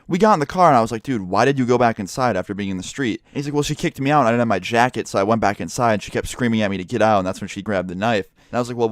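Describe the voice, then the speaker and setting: Fast-talking, profane young man. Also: medium pitch, dry recording, clean studio sound. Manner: fast, profane, rambling storytelling with lots of "like". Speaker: storytelling vlogger. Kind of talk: casual storytime vlog.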